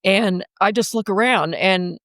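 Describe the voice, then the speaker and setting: A woman's voice: medium pitch, unhurried, fairly bright tone, no echo, clean studio sound. A woman coach, a podcast guest, telling a personal story in a vivid, dramatic way.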